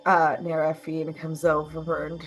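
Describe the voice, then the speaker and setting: A woman's voice: low-pitched, monotone, a little slow, slight background noise, poor audio. A woman running a tabletop role-playing game as game master, narrating in a plain, matter-of-fact way.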